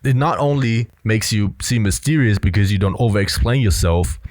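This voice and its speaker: A man's voice: fairly low pitch, animated, normal speed, darkish tone, no echo. A man giving blunt, assertive casual commentary on a film clip, often filling with "you know". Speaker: body language commentator.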